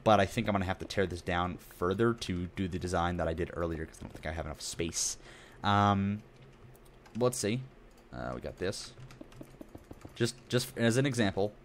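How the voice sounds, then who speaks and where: A man's voice: low voice, moderate pace, slight background noise. A young man streaming a building game, chatting in a rambling, self-deprecating way with lots of asides. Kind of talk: casual gameplay commentary.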